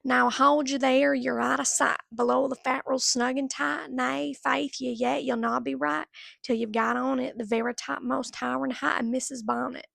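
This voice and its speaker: A woman's voice: sits high, level tone, moderate pace, vocal fry, fairly bright tone, no room sound, studio quality, exaggerated voice. A woman putting on a playful Southern accent to read old poetry aloud in a theatrical way. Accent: Southern US, put on.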